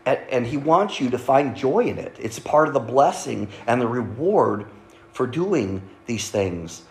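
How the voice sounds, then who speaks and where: A man's voice: mid-range voice, expressive, unhurried. A man pastor preaching a sermon in a conversational way, often checking in with the congregation. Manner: conversational, frequent "right?" asides to congregation. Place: church sanctuary. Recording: echoey church room.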